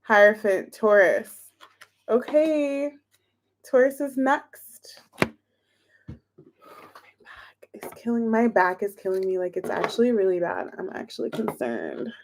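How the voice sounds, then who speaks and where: A woman's voice: mid-range voice, sing-song, a little slow, noisy background. A woman reading tarot on a livestream, counting aloud as she shuffles and chatting casually with her viewers. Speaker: tarot reader.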